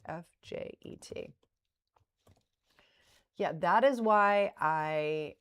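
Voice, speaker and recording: Slow, low-voiced middle-aged woman. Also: darkish tone. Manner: self-deprecating, laughs at her losses. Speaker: day trading livestreamer. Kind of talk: casual livestream commentary.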